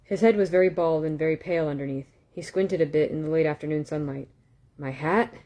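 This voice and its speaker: Low-voiced woman reading a novel aloud. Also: fast talker. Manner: calm, with small self-corrections and asides. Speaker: audiobook reader.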